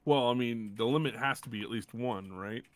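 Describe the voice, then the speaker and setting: A man's voice: mid-range voice, moderate pace. A man co-hosting a casual podcast, giving short dry replies from farther off the microphone. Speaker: podcast co-host. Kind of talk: casual chat.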